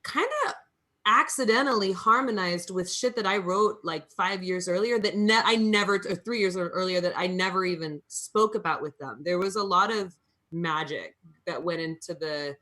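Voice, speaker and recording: A woman's voice: fairly low pitch, moderate pace, pushed and bright. A woman film director on a podcast, explaining her work in a reflective, talkative way. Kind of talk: podcast interview.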